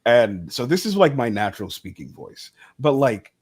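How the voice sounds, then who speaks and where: Chatty, lively young-sounding man. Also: medium pitch, normal speed, husky. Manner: laughs often, chatty and self-deprecating. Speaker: voice actor, cast member. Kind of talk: casual group chat. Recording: video call.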